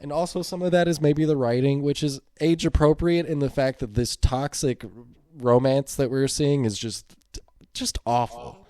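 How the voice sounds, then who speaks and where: A man's voice: medium pitch, fairly even intonation, normal speed, mellow, clean tone, no echo, studio quality. Opinionated man ranting on a podcast. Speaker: podcast co-host. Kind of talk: casual chat.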